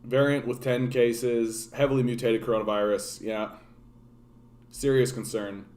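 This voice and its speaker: A man from Canada rants casually to his live chat, swearing freely and drifting from point to point with a sardonic edge. His pitch sits squarely in the middle for a man, neither deep nor high. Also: steady tone, a little slow, darkish tone. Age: adult, grown since his younger days. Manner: profane, sardonic, wandering, talks to chat. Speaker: political livestream host.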